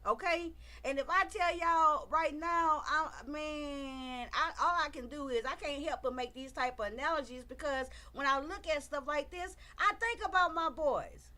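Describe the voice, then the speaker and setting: A woman's voice: sits high, normal speed, few pauses, bright, forceful tone. A middle-aged woman giving emphatic casual commentary on a livestream, repeating herself for emphasis and talking straight to her viewers.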